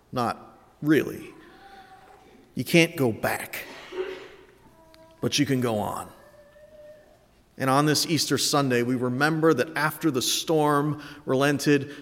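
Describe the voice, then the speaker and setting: A man in his late thirties from Connecticut preaching an Easter sermon, telling a story with reflective warmth and dry self-mocking humor. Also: mid-range voice, big-room sound. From Connecticut, USA. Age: late 30s. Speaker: pastor.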